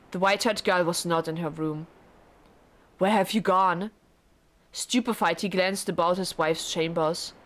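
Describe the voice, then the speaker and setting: Emotional young woman streamer. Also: medium pitch. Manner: emotional, dramatic, loud outbursts. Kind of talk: blind visual novel playthrough with reactions and narration.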